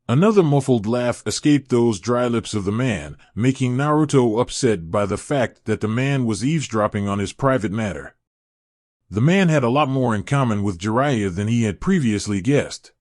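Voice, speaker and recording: A man reading fan fiction aloud in steady scripted narration. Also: medium pitch, normal speed, dry recording, clean studio sound.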